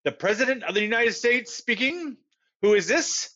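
A man voicing a stern, busy middle-aged male president who speaks briskly and formally, in a dull lo-fi recording. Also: very high voice, animated, bright, forceful tone, pitched above the performer's own voice, heavily acted. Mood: curt.

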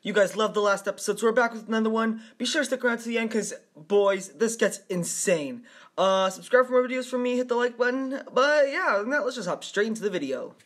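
A male gaming YouTuber giving excitable let's-play commentary, often shrieking and laughing at the game. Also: sits high, fast talker. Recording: game music playing loudly behind. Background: game music and sirens.

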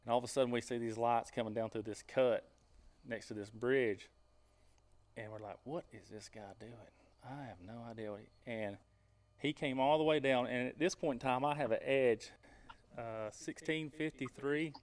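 On a casual podcast, a man with a medium-pitched voice tells a lively hunting story at a normal pace, laughing along the way.

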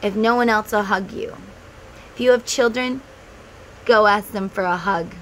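A woman's voice: mid-range voice, moderate pace, fairly bright tone, a little hiss or hum, rough recording. A middle-aged woman who runs a spiritual vlog, talking to viewers in a casual, heartfelt way. She gives earnest advice and speaks straight to the viewer. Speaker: tarot and spiritual vlogger.

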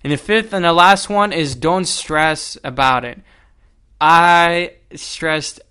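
A young man hosting a solo podcast, telling stories in an animated, exasperated way. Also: fairly high pitch, smooth. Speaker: podcast host.

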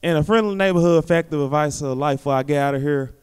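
A man's voice: a little high, quick pace, darkish tone, smooth, in a large hall. A man performing a rambling stand-up comedy set on a theater stage, with a loose, filler-heavy delivery. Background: audience laughter.

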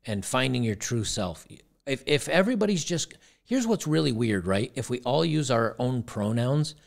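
A man with a gravelly, mid-pitched voice hosts a casual reaction commentary. He rambles and doubles back on his words, and he drops in dry, sarcastic asides as he goes. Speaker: commentary channel host.

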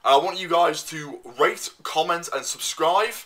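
A man's voice: on the high side, a little slow. A young man ranting to camera, swearing heavily and repeating himself as he works himself up. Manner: swears constantly, repeats himself, loud and worked up. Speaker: vlogger. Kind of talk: profane ranting monologue.

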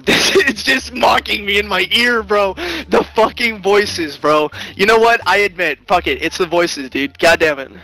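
A young man in casual game voice chat, excitable and rambling, swearing and saying "bro" constantly over a headset mic. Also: high-pitched, no echo, low-quality recording. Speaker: online player in game voice chat.

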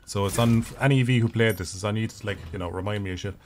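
An Irish man in his thirties talks quickly and swears freely as he streams a game, his voice sitting a little low. Faint game sounds run quietly behind him. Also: slight background noise. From Ireland. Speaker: gaming streamer. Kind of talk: casual live gameplay commentary.

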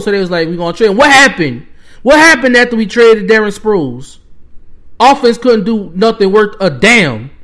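A man's voice: high-pitched, fairly bright tone. A young man, hosting a podcast and ranting with heated exasperation as a sports fan. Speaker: podcast host. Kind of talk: fan rant.

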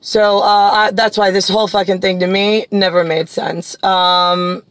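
A woman's voice: medium pitch, little pitch movement, unhurried, no room sound, poor audio. A woman in her forties from Long Island, talking in a rambling, profane monologue full of "like" fillers. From Long Island, New York.

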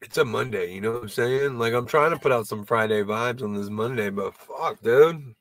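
A man's voice: medium pitch, moderate pace, a bit bright, no room sound. Older male comic host in his sixties, loose and profane, close dry mic. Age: 60s. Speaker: comedy show host. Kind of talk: rambling stand-up monologue.

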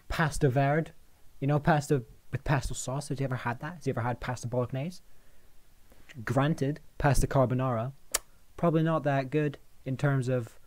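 Ranting man with a dark voice. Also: mid-range voice. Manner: sweary, rambling, exaggerated indignation with stammered restarts. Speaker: video maker. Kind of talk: comic mock-outraged rant.

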